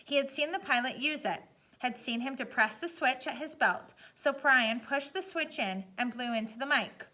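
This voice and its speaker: A woman reads a novel aloud in a steady, dramatic way. Her voice sits a little high for a woman and sounds bright and forward, keeping an even, careful pace through the telling. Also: moderate pace. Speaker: audiobook narrator. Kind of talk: scripted narration.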